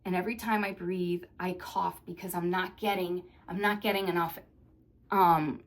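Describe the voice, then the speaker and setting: A young woman vlogger telling a story in a rambling, animated way, with lots of fillers. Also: on the low side, moderate pace. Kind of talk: casual storytime monologue.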